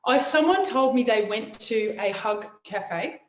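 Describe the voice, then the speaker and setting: A fairly high-voiced woman shares her thoughts frankly, stopping and restarting as she goes. Her voice carries a roomy echo. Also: expressive. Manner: frank, halting, many restarts. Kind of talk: casual chat.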